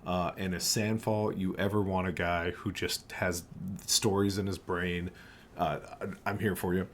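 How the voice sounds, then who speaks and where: Very low male voice, rambling and enthusiastic game master. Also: flat delivery, unhurried, slight background noise. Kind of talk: casual podcast chat.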